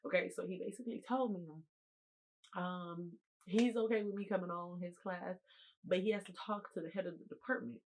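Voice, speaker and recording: A woman in her twenties telling viewers a college story in an animated, emphatic, slangy storytime monologue. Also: fairly low pitch, fairly quick, a little hiss or hum, rough recording.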